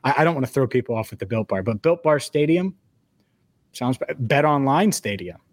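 A man's voice: mid-range voice, expressive, brisk, no room sound. Male podcast co-host, joking, stumbles on words, dry sound. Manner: joking, laughs often, repeats words. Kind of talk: casual sports podcast chat.

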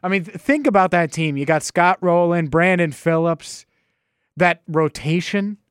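A man hosting a solo sports podcast, telling stories in an animated, nostalgic, rambling way on a close microphone. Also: a little high, a little slow, clear, resonant tone, dry recording. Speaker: podcast host.

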